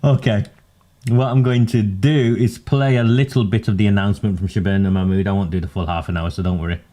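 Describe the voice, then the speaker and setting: A man hosting a political commentary livestream, speaking in a deep, low register. His tone is dark and mellow. He talks earnestly and pointedly, with the occasional wry aside. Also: fairly even intonation, fairly quick.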